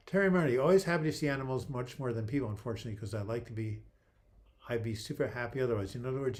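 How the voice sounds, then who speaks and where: Hosting a relaxed livestream, an older man with a mid-range, somewhat dark voice reads out his viewers' comments. He replies chattily and with jokes, frequently starting over.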